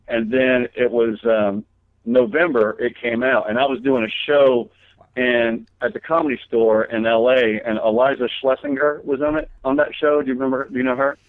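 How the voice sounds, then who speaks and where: A man with a mid-range voice speaks at a moderate pace in a steady tone, with no echo, over a tinny phone line. He's a guest comedian in a casual interview, spinning long, rambling stories packed with fillers and restarts.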